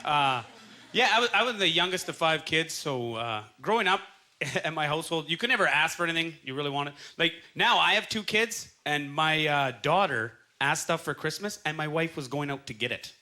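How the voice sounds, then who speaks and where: Bright, high-voiced man doing stand-up. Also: slight background noise. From Canada. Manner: animated storytelling with quick acted-out quotes. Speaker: stand-up comedian. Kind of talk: stand-up comedy set. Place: comedy club stage. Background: faint audience laughter.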